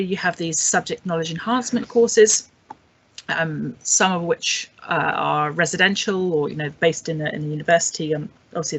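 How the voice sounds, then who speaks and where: Woman, husky lower voice, webinar presenter running through practical tips. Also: fairly bright tone, rough recording. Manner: practical, listing tips with fillers. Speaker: language teaching presenter. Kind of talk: webinar talk.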